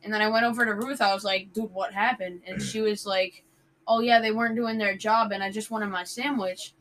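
Bright-voiced woman with faint background hiss. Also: mid-range voice, a little fast, poor audio. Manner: steady first-person retelling. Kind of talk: casual chat among friends.

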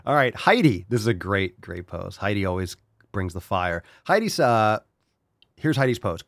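A man's voice: lowish voice, lively intonation, normal speed, vocal fry, long pauses, dry recording, clean studio sound. A man hosting a podcast, ranting and swearing in a worked-up, comic way. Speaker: podcast host. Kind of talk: ranting comedic podcast talk.

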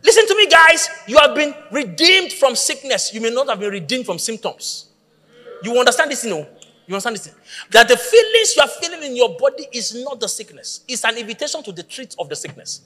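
A man preaching a sermon, telling a story with lively acted-out voices and shouting at the peaks. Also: very high-pitched, a little fast, big-room sound. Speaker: pastor.

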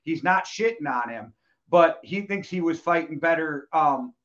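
A man's voice: fairly high pitch, animated, a little slow, a bit bright. A man hosting a casual chat, loose and joking, swearing freely. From United States. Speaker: podcast host. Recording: dull lo-fi sound.

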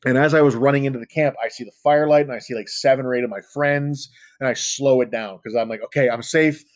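A man's voice: medium pitch, steady tone, quick pace, dry recording. Male storyteller, casual and self-deprecating, loose filler-heavy delivery, dry close-miked sound. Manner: rambling, filler-heavy with frequent "like". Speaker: storyteller guest.

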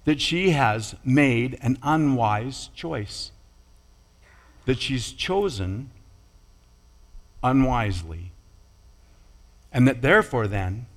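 A man preaching a sermon in a measured, deliberate way, pausing and restarting now and then. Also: medium pitch, animated. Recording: long hall reverb.

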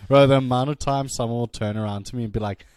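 A man's voice: mid-range voice, steady tone, quick pace, darkish tone, smooth, no echo, studio quality. A young man co-hosting a casual podcast, joking, boastful and crude, often laughing. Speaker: podcast co-host.

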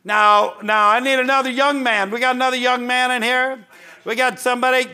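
A man's voice: very high-pitched, level tone, fairly quick, pushed and bright, smooth. A man preaching a sermon, folksy and joking, often restarting his sentences. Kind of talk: sermon with live illustration.

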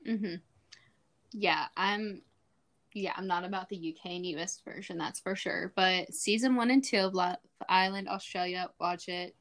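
A young woman in her twenties co-hosting a casual podcast chat, excitable and quick to exclaim. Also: fairly low pitch. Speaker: podcast co-host.

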